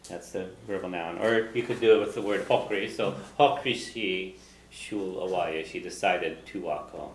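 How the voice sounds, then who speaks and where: A man teaching a language class, patiently drilling phrases slowly so students can repeat them. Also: low voice, reverberant, slight background noise, rough recording.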